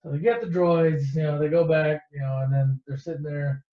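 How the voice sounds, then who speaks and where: A man tells a movie's story in a loose, joking campfire way, tripping over his words and tossing in crude asides. His voice sits a little high. The sound is echoey and dull, like a lo-fi home recording. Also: fairly even intonation. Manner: rambling, swears, restarts, quick asides. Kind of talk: casual comedic movie retelling.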